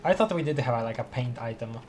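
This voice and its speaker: A man's voice: medium pitch, animated, fast, noisy background. A man streaming a playthrough of a game, who laughs often and reads the game text aloud with stumbles. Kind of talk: casual game playthrough commentary.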